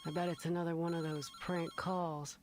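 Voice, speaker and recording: A woman putting on a gruff, deep-voiced game companion. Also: little pitch movement, moderate pace, slight background noise, natural voice.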